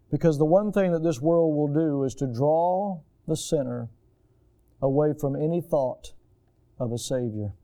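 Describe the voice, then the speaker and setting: A man from the United States preaching a sermon as pastor, emphatic, swinging between hushed, tender passages and loud, high exclamations. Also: clean tone.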